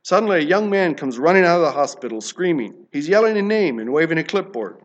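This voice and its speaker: A man preaching, telling a story dramatically, often dropping to a hush and slowing down for emphasis. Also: a little high, big pitch swings, muffled recording. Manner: dramatic, sudden drops to a hush, slows for emphasis.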